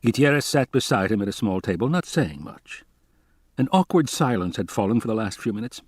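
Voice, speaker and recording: A man's voice: fairly low pitch, expressive, a little fast, a little mellow, no echo, studio quality. A man reading a novel aloud as an audiobook narrator, telling it steadily. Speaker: audiobook reader.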